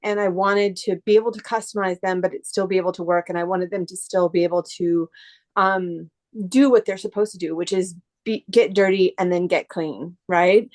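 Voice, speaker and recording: A woman's voice: on the low side, fairly even intonation, normal speed, darkish tone. A woman from the Bay Area, an artist who customizes shoes, talking casually in an interview and rambling with many restarts. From San Francisco Bay Area. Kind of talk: casual interview over video call.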